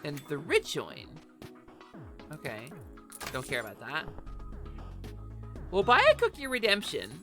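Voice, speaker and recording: Bright, lively woman streamer. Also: low voice, unhurried, pauses often, faint music behind. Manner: animated, chatty, swears freely. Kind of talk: casual live gaming stream chat. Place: home office.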